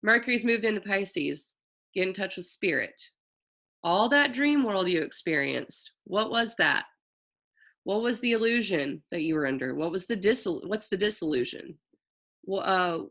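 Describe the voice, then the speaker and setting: A woman talks through an astrology forecast in a casual, rambling way, catching and correcting herself as she goes. Her mid-range voice has a gravelly, fry-tinged edge. She drops slang and talks to her listeners like friends. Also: mid-range voice, fairly bright tone. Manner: loose, chatty, self-correcting with slang. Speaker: astrologer host.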